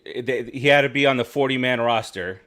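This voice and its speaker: A man co-hosting a casual sports podcast, rambling and halting with many fillers and restarts. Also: mid-range voice, fairly bright tone. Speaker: podcast co-host.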